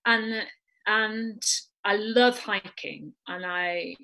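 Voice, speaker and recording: A woman's voice: mid-range voice, drawn-out words, gravelly, pushed and bright, rough recording. A woman with a North Welsh accent, chatting casually and animatedly in rambling asides. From North Wales. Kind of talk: casual chat.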